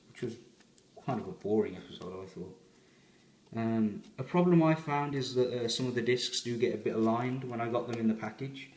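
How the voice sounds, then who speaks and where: A man's voice: on the low side, darkish tone, roomy sound. A man giving a rambling, chatty fan review as he unboxes a collector's set.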